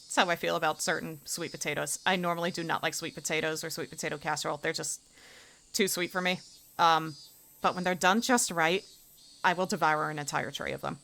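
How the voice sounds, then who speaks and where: A woman's voice: deep voice, steady tone, brisk, gravelly, bright, forceful tone. A woman streamer making rambling, chatty asides while reading a visual novel aloud.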